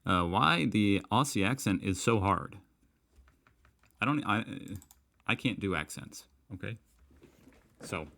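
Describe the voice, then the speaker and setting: Low, gravelly American man reacting. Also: fairly bright tone. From United States. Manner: chatty, self-deprecating, musing aloud. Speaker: reaction video host. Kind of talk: casual reaction commentary.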